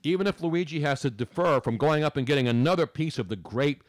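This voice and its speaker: A man's voice: on the high side, lively intonation, fast talker. Chatty male sports radio host. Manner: rambling, chatty, talks over others. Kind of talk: casual radio talk.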